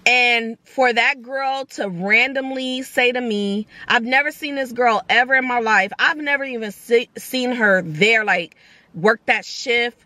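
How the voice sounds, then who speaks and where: Young woman vlogging a storytime, bright voice, dry close sound, jumps around acting out who said what. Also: a little high, no room sound. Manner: animated, retells dialogue in quick bursts. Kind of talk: casual storytime vlog.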